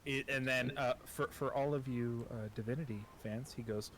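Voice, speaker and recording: Male game master, mid-pitched, casual and profane, quick to laugh at himself. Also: fairly even intonation, a bit bright, slight background noise. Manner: casual, profane, self-deprecating, many fillers. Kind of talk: narrating a tabletop game.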